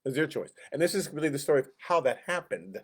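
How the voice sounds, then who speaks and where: A man's voice: fairly high pitch, very animated, fast, husky. A man teaching a Sunday school Bible class in a casual, conversational way, chuckling often and acting out quoted lines.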